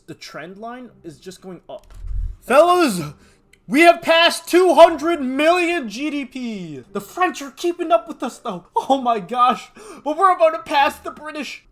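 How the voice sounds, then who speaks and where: A young man giving excitable commentary on a strategy game as a gaming YouTuber, laughing often and hyping up his audience. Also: high-pitched.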